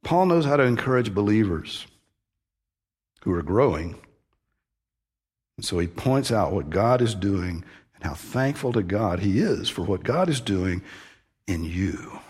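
A man's voice: fairly low pitch, very animated, measured pace, pauses often, darkish tone, slightly rough. A man preaching a sermon in a conversational teaching manner, stressing key words and often restarting phrases. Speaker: pastor.

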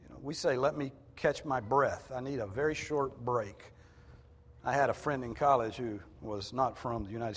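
A male pastor preaching a sermon to his congregation in a conversational way, explaining scripture in plain everyday words. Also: medium pitch. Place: church hall with a congregation. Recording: long reverb of a large hall.

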